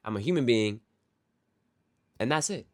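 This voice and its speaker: A young man telling a story from his job as a restaurant server in a casual rant, acting out customers in quick put-on voices. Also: mid-range voice, lively intonation, darkish tone, no echo.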